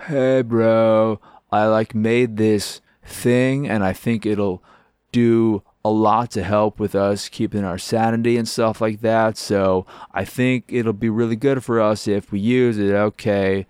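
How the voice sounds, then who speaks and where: A man's voice: fairly low pitch, steady tone, slow pace, darkish tone, clear, resonant tone, no echo, studio quality. A man imitating a laid-back young male game character with a strange voice, drawling casually and calling people bro. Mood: dopey.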